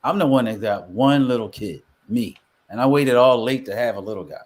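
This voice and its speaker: A real estate broker talking casually on a live show, telling stories and acting out what people said. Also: male voice, medium pitch, a little fast. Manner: animated storyteller, acts out quotes.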